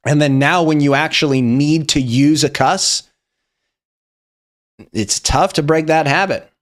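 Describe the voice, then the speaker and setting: A man's voice: a little high, a little slow. Profane, rambling young man reviewing memes. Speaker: meme review host. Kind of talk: casual commentary.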